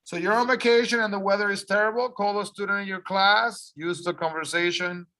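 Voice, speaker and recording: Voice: mid-range voice, fairly even intonation, a little fast, bright, forceful tone. An English teacher whose first language is Spanish, leading an ESL lesson and patiently repeating instructions and explaining step by step. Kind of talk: ESL lesson, reading aloud for repetition.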